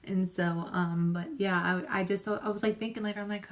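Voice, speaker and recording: A woman's voice: mid-range voice, steady tone, a little fast. A woman chatting casually in a rambling, self-deprecating and folksy way while doing her makeup on camera. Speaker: makeup vlogger. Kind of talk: casual get-ready-with-me chat.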